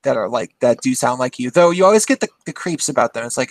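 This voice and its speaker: A man with a Californian Valley Girl accent rambles through a casual chat, his sentences lilting upward and strung together with "like". His voice sits at an ordinary middle pitch, and it is recorded dry and close, with little room sound. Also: lively intonation, fast, no echo. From Seattle. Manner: rambling, sentences trailing up, frequent "like". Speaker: podcast co-host.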